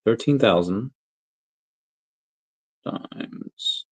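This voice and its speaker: A crypto livestream host, a man with a fairly low, slightly rough voice and lively intonation, speaks extremely slowly. He rambles and thinks aloud on a casual stream, using lots of fillers as he reads out super chats.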